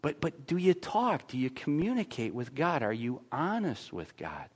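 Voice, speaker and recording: Animated American pastor preaching. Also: male voice, mid-range voice, normal speed, slightly rough. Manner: animated, conversational preaching with stammered restarts. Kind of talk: sermon. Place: church.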